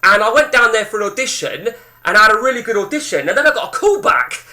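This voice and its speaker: A man's voice: high-pitched, big pitch swings, fast talker, sharp tone. A man, telling a rambling, sweary story to his chat as a game streamer.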